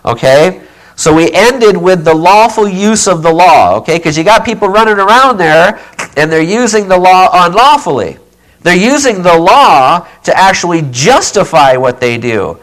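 Over poor audio, a man with a high voice and lively intonation preaches a Bible teaching sermon at a moderate pace. He's emphatic and repetitive, repeating key phrases, frequently checking in with "okay," and saying he keeps yelling.

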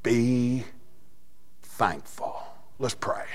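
An older man preaching a sermon, telling a story in a quiet voice that breaks into fervent shouting. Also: medium pitch, drawn-out words.

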